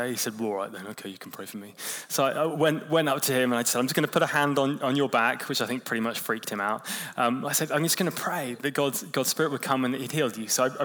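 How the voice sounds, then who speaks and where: A man preaching a sermon in a relaxed, conversational way, telling stories and quickening and slowing his pace. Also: mid-range voice. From England. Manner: conversational preaching with storytelling, lively shifts in pace. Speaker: pastor.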